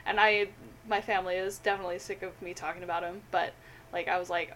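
A woman's voice: lowish voice, little pitch movement, fast talker, fairly bright tone. A young woman co-hosting a podcast, gushing and giggly, with many fillers. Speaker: podcast co-host. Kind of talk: casual chat. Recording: faint background noise, lo-fi podcast audio.

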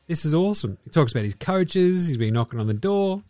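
A man's voice: fairly high pitch, big pitch swings, fast talker, hardly any pauses, darkish tone, no room sound, clean studio sound, faint music behind. An Australian man in his thirties hosting a casual sports podcast, chatty and swearing a lot as he acts out quotes. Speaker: podcast host.

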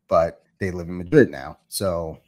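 Deep-voiced man in his forties, swearing. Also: slow. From Detroit. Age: 40s. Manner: animated, laughing, swears freely. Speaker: podcast guest. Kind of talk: casual chat.

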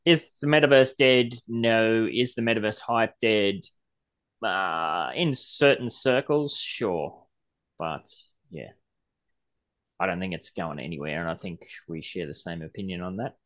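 An Australian man in his forties hosting a casual podcast chat, rambling and quick to laugh. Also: fairly low pitch, fairly bright tone. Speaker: podcast host.

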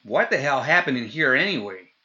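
A man voicing a loud, brazen young male carpenter in an audiobook. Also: mid-range voice, big pitch swings, a little fast, lo-fi sound, pitched above the performer's own voice. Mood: brash.

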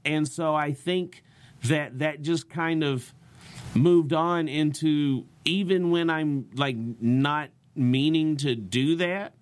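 A man's voice: fairly high pitch, slow pace, clear, resonant tone. A young man with a Southern US accent, a comedian chatting casually on a podcast with lots of vocal inflection. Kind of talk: casual chat.

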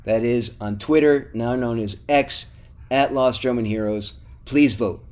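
A man's voice: mid-range voice, measured pace, darkish tone, smooth. A middle-aged man co-hosting a podcast, wrapping up the episode in a casual, upbeat way and pleading with listeners to vote and leave reviews. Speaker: podcast co-host.

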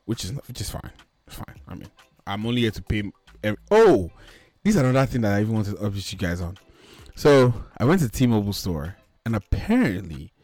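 A man's voice: on the low side, a little mellow, dry recording. A man hosting a podcast in casual chat, ranting animatedly and swearing freely. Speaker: podcast host.

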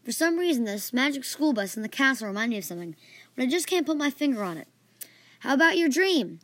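A woman's voice: fairly high pitch, fast, no echo. Playful woman telling a podcast story. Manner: lively, playful, doing character voices. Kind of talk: story narration.

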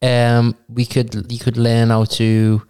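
A man co-hosting a casual podcast chat, easygoing and prompting, pitching ideas. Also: monotone, slow, dark tone, smooth. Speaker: podcast co-host.

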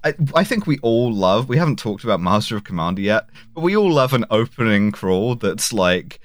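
A man's voice: fairly low pitch, sing-song, a little fast, no echo. A man co-hosting a podcast, talking casually and rambling, with plenty of fillers, restarts and swearing. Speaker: podcast co-host. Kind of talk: casual chat.

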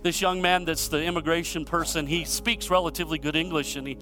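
A man from Michigan preaching a sermon, telling stories and asking rhetorical questions, swinging between loud emphasis and hushed moments. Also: on the high side, fairly even intonation, fast. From Michigan, USA. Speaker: pastor.

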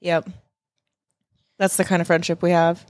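A woman's voice: on the low side, level tone, moderate pace, a little mellow, no room sound, studio quality. A woman in her twenties co-hosting a casual chat show, blunt and crude, laughing often. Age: 20s. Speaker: podcast co-host.

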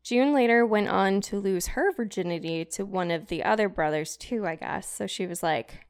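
A woman's voice: mid-range voice, normal speed, smooth. A woman hosting a podcast, telling a story in casual chat, rambling with lots of fillers and self-conscious asides. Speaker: podcast host.

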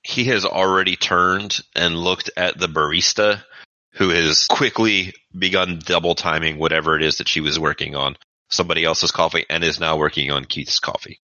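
A man with a very low voice narrates a tabletop game as its game master in a loose, casual way. His tone is bright and forceful, and the audio is dry and dull like a lo-fi podcast recording. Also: steady tone, moderate pace, dry recording.

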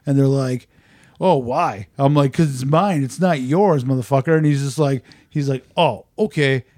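A man's voice: mid-range voice, normal speed, dry recording, studio quality. A man on a podcast in casual chat, telling profane stories and acting out the dialogue. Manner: profane animated storyteller, acts out dialogue. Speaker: podcast guest.

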